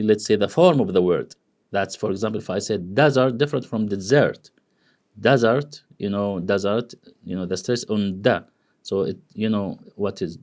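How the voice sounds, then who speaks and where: A man giving a university lecture in English, rambling, full of "you know" and "okay" checks, swinging his pitch wide to act out example phrases. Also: darkish tone. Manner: acts out intonation examples with big pitch swings. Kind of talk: classroom lecture.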